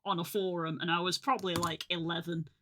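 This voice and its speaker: A woman hosting a live art stream, chatting casually and telling quick stories in a friendly way. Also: on the low side, level tone, fairly bright tone, slight background noise. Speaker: streamer host.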